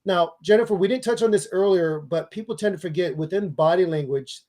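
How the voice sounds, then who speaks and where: A man who is a public speaking expert and author, giving emphatic, energetic advice in an interview. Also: high voice, a little fast. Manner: energetic, emphatic coaching delivery.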